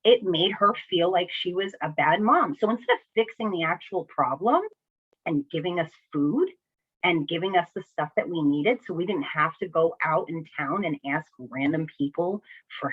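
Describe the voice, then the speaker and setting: A woman's voice: on the low side, animated, normal speed, husky. A woman candidly talking through her own experiences in a reflective personal vlog, often checking in with "right?" and "you know?". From New Jersey. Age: adult, a single mother. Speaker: vlogger sharing personal experience. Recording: tinny phone-like audio.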